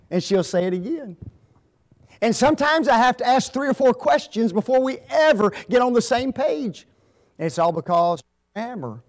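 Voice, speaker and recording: An older man giving a folksy seminar talk in a church, telling stories and asking the audience rhetorical questions. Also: high-pitched. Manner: animated storytelling with rhetorical questions. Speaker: guest speaker at a marriage seminar. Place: church hall.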